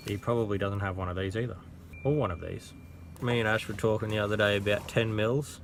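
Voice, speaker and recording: A man's voice: fairly low pitch, fairly even intonation, brisk, vocal fry, noisy background. An Australian man who is sick with a sore throat chats casually while working under a car, full of dry, joking sarcasm. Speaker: home mechanic vlogger.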